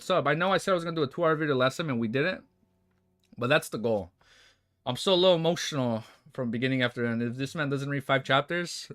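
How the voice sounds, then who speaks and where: The young man's voice is on the high side and a bit bright as he livestreams over faint background music. Casual and rambling, he swears a lot and repeatedly restarts and corrects himself.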